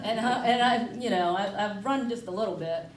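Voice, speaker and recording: A woman's voice: mid-range voice, normal speed, a crowd in the background. A woman doing a rambling, self-mocking stand-up comedy set at a brewery comedy night. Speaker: stand-up comic. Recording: echoey room, from far off.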